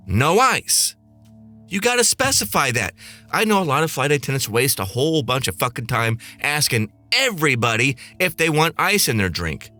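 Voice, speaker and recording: Man, sarcastic comedic rant, swearing, lively swooping pitch, bright voice. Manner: profane, snarky, sarcastic. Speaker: podcast host and flight attendant.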